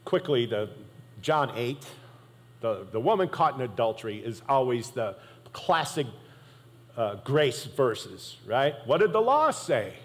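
Conversational pastor in a reverberant hall. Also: male voice, medium pitch, sing-song, a little slow. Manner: conversational preaching, keeps asking "right?". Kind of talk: sermon. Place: church sanctuary.

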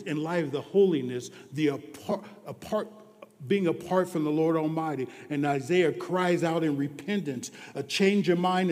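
Slow, earnest preacher man in a reverberant hall. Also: a little high. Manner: earnest, swings between hushed and emphatic preaching. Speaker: pastor. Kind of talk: sermon. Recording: long reverb of a large hall.

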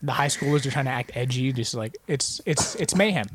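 A young man, telling a story to friends in casual chat. His voice jumps high when he acts out quotes. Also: a little fast, a little hiss or hum.

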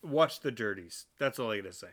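Podcast guy, blunt, swears a lot, pretty bright edgy voice. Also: fairly low pitch, expressive, brisk. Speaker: podcast co-host. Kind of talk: casual chat.

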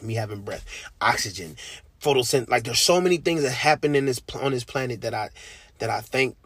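Husky man in heartfelt casual faith talk. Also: mid-range voice, no room sound. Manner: heartfelt and animated, with slang and laughs. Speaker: podcast host.

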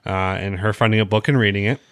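A man's voice: fairly low pitch, quick pace, dry recording, clean studio sound. A man co-hosting a casual chat, retelling episodes at length with crude jokes and fillers. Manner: storytelling recap, crude jokes, filler words. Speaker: podcast co-host recapping episodes.

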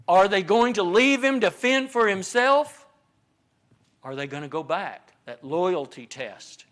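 A man's voice: sits high, animated, measured pace, a bit bright. A man teaching a Bible study class, repeating phrases for emphasis and asking rhetorical questions.

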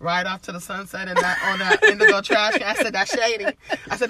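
A woman's voice: on the high side, brisk, noisy background. A woman telling a story in casual chat, acting out the people in it with shifting voices. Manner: animated, acts out quotes in shifting voices.

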